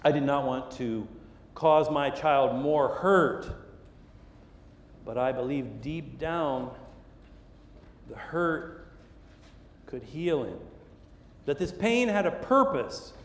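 A man's voice: medium pitch, expressive, slow pace, pauses often, echoey room, in a large hall, a little hiss or hum. A middle-aged man preaching a sermon, telling a story with lots of energy and acting out the voices and sounds. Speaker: pastor. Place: church sanctuary.

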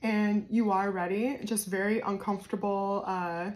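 A woman with a New Jersey accent giving a casual, spontaneous tarot reading to camera, swinging between soft musing and loud bursts. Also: medium pitch, fairly even intonation, moderate pace, hardly any pauses. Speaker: tarot reader.

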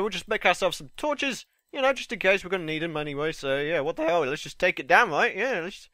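Casting: young gamer guy, high, lively voice, slightly stuffed-up, chatty and excitable. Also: no echo, clean studio sound. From United Kingdom. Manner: chatty, excitable, swears mildly, jokes with viewers. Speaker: gaming channel host. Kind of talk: casual gameplay commentary.

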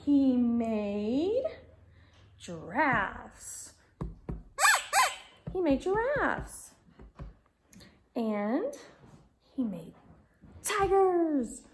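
A woman's voice: high voice, big pitch swings, very slow, long pauses, a little mellow, a little hiss or hum. A woman teaching a Bible class to small children from home, in a sing-song, exaggerated way with songs and animal sounds.

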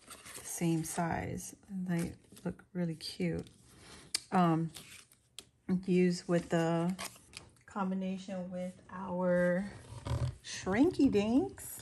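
A woman crafting vlogger talking casually to her viewers as she shows her handmade pieces, chatty and quick to laugh. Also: lowish voice, darkish tone, a little hiss or hum. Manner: chatty, laughs often, talks to viewers while showing her work.

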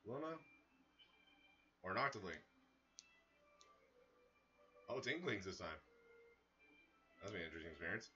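A man giving casual, excitable commentary as he plays a video game, breaking into sudden loud outbursts. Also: low voice, a little slow, pauses often, muffled recording, faint music behind. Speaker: gaming streamer. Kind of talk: casual let's-play commentary.

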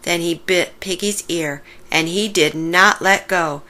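A woman reading a children's picture book aloud, slowly and expressively. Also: lowish voice. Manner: slow, warm-paced expressive reading. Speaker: storybook reader. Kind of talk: children's story read-aloud.

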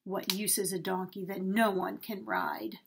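A woman's voice: medium pitch, little pitch movement, unhurried, vocal fry, slight background noise. A woman voicing a mean, tough man who scolds his donkey in a raised, huffy voice. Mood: angry.

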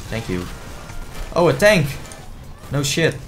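Guy doing goofy game commentary, stumbles and repeats himself, some quiet music behind. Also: medium pitch, unhurried. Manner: playful, easily exasperated, stammering repeats. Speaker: gaming commentator. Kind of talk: casual gameplay commentary.

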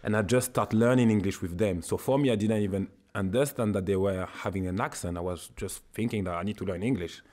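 A man with a French accent, a former footballer chatting as a guest, halting and searching for his words. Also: lowish voice, darkish tone. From France. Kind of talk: casual interview chat.

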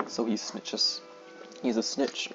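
A man's voice: takes it slowly, highs cut off, over loud music. A man giving casual gameplay commentary, often exclaiming in frustration at the game.

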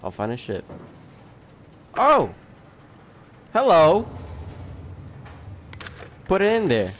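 A man playing a horror game, talking to it out loud, jumpy and quick to swear. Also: high voice, huge pitch swings. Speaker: gaming video host. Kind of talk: let's play horror game commentary.

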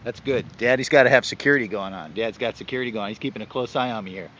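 A man's voice: medium pitch, racing, a bit bright. A man vlogging outdoors in a parking lot, talking to ducks in a coaxing, sing-song baby-talk voice. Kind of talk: casual outdoor vlog. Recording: dull lo-fi camera audio, faint noise.

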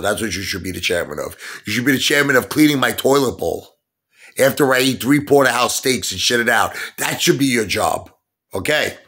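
A man's voice: mid-range voice, lively intonation, brisk, sharp tone, slightly rough. A middle-aged man, ranting in an exasperated vlog monologue full of rhetorical questions. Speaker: online stock vlogger.

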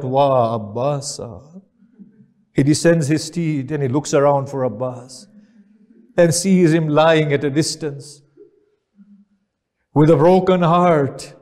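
A man's voice: mid-range voice, darkish tone. A male preacher narrating a mournful sermon in a solemn voice that rises into lament.

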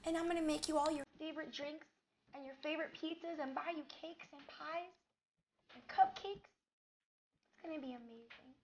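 A woman's voice: sits high, a bit bright, highs cut off, a little hiss or hum. A young woman hosting a live game stream, gushing and breathless as she thanks viewers. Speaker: livestream host. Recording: game music playing behind. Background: game music.

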